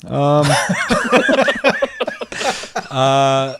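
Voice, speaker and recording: A man's voice: mid-range voice, monotone, extremely slow, vocal fry, heavy background noise. A man hosting a casual gaming podcast, swearing often and slipping into silly mocking voices. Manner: profane, jokey, slips into silly mocking voices. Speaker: podcast host.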